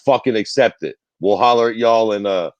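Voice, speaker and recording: A man's voice: lowish voice, brisk, no room sound. A man co-hosting a casual talk show, ranting bluntly with heavy swearing. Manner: blunt and profane, drawling rants. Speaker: podcast co-host. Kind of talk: casual chat about current events.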